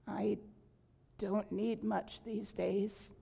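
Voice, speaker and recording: A woman's voice: mid-range voice, flat delivery, drawn-out words, creaky, warm tone, breathy edge, full character voice. A woman reading aloud and voicing a boy in a storybook who keeps asking for things, plain and matter-of-fact. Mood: weary. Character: boy growing from child to tired old man.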